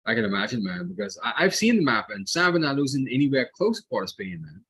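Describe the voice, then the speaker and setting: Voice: mid-range voice, big pitch swings, quick pace, fairly bright tone, breathy edge, dry recording. A podcast host chatting casually with a guest, friendly and encouraging, with lots of small affirmations. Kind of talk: casual interview chat.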